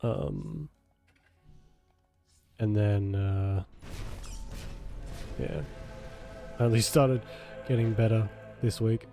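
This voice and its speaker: A man's voice: on the low side, drawn-out words, pauses often, dark tone, soft background music. Nasal-voiced sick man chatting over gameplay. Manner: laughing, joking, swearing. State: sick, congested from a cold. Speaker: streamer. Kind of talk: casual gameplay commentary.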